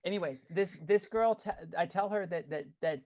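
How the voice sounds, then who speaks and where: A woman's voice: lowish voice, moderate pace, a little mellow. A woman from Southern California, co-hosting a stream in a chatty, exasperated storytelling manner. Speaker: co-host. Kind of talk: casual chat.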